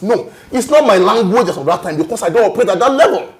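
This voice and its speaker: A man's voice: sits high, big pitch swings, racing, hardly any pauses. A man arguing emphatically as a guest in a panel debate, lecturing and often checking "you understand?".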